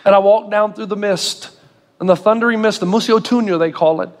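A middle-aged male pastor delivering a sermon with animated storytelling and self-mocking humor. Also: high-pitched, fairly quick, long reverb tail.

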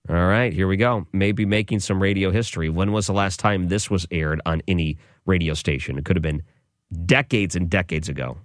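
Male radio host, very deep voice, enthusiastic casual delivery, dry close studio mic. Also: fairly quick, no room sound. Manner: enthusiastic, chatty, with restarts. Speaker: overnight radio show host. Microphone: studio microphone.

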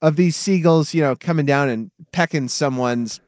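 A man's voice: fairly high pitch, normal speed, no echo. A man co-hosting a sports radio show, reading headlines and trading jokes in casual banter. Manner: animated, jokey, reads headlines.

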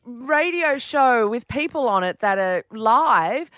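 A high-voiced woman co-hosting breakfast radio, her pitch leaping around as she teases her co-hosts. She talks quickly and giggles easily. The sound is close and dry at a studio mic. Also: animated, fairly bright tone, dry recording. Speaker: radio co-host. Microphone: studio microphone.

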